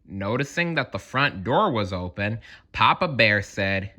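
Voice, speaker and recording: A man's voice: on the low side, lively intonation, takes it slowly, bright, forceful tone. Playful man reading a children's story. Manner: playful, addresses listener directly. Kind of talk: children's read-aloud narration.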